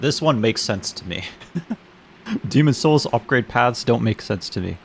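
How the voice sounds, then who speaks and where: A man's voice: medium pitch, lively intonation, a little slow, vocal fry, slight background noise. A young man streaming a game, chatting casually in a rambling way, laughing, swearing and restarting his sentences. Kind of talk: casual gaming stream commentary.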